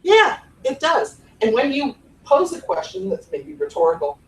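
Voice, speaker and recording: With a high-pitched voice at normal speed, a Cleveland-area woman in her forties delivers a playful, animated workshop talk on podcast voice technique, demonstrating tones of voice. It's recorded live from a distance in a roomy conference room with an audience and a bit of hiss or hum.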